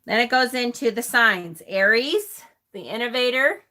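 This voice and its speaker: Woman host, live-stream chat, bright and forceful tone, high-ish voice, laughs easily, reads aloud and answers chat. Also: lively intonation, a little slow, a little hiss or hum. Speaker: host of a tarot channel.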